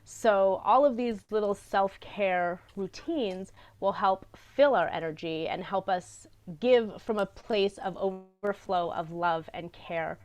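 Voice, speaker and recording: Earnest, reflective woman in casual chat. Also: mid-range voice. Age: adult parent. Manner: earnest, gently searching for words, with soft laughs. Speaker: podcast co-host.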